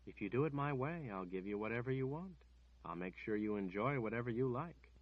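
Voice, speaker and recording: A man reading an audiobook, voicing a frightened young woman captive who talks in a soft, coaxing way while faking confidence. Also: mid-range voice, animated, fairly quick, narrow, tinny audio, voice pushed up, close to an everyday voice. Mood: coaxing, tense. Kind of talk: audiobook character voice.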